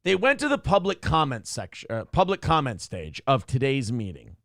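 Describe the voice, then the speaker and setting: A man's voice: mid-range voice, wildly swooping pitch, normal speed, a bit bright, dry recording, studio quality. A man co-hosting a talk show, chatting casually and profanely with sarcastic, mocking asides. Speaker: morning show co-host.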